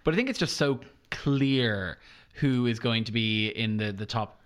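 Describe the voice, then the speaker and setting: A man's voice: mid-range voice, measured pace, clean tone. A man in a casual podcast chat who often restarts his sentences. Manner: hesitant, repeats words as he starts.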